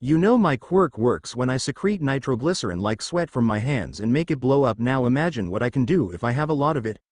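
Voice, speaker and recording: A man voicing a cocky, hot-headed young male hero student who yells and taunts smugly, for a storybook reading. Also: medium pitch, expressive, fairly quick, dry recording, clean studio sound, close to an everyday voice. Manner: yelling, smug taunts.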